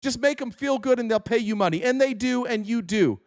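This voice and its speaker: A man's voice: very high voice, a little fast, no room sound, clean studio sound. A man giving an opinion monologue as a political commentator, blunt, heated and profane.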